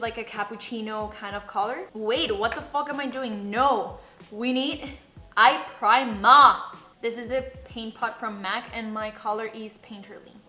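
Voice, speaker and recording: A beauty vlogger, a native Spanish speaker with a Spanish accent, chats giggly and casual through a makeup tutorial, swearing freely. Her voice is on the high side and a bit bright, with roomy echo and faint music behind her.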